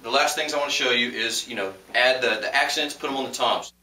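Chatty drum teacher in an echoey room. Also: male voice, mid-range voice, fast talker. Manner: loose, chatty, lots of fillers and restarts. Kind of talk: casual drum lesson. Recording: roomy echo, distant mic, noisy.

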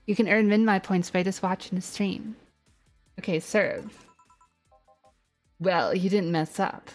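A woman hosts a live game stream, voicing the dialogue as she goes and dropping chatty, self-mocking asides between the lines. Her voice sits at an ordinary middle pitch. Soft music plays faintly underneath. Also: fairly even intonation, a little slow, long pauses.

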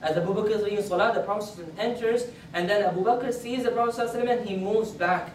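A man's voice: high-pitched, very fast, slight background noise. A man giving a Friday sermon as a story, in an earnest tone, repeating phrases and lifting his voice for quoted words. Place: mosque prayer hall. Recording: echoey hall, voice from a distance.

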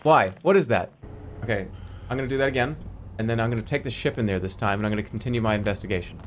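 A man streaming a video game, giving excitable live commentary that jumps into yelps and rapid repeats. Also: lowish voice, noisy background.

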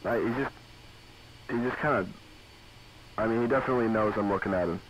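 A man playing a frightened young man calling the police, who swears a lot and speaks in halting, anxious bursts. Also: on the low side, close to an everyday voice. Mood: scared. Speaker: caller to police. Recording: dull lo-fi audio with clear noise.

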